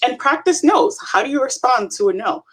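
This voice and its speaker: A woman's voice: high-pitched, very animated, normal speed, fairly bright tone. Encouraging woman coaching viewers. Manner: encouraging, addresses viewers as "you guys". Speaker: co-host, Avon representative. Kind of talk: casual live-stream coaching.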